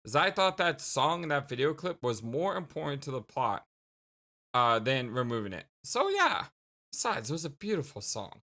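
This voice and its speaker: A man's voice: medium pitch, very animated, normal speed, sharp tone. A man hosting a story game let's play who laughs often and talks in a casual, giggly way.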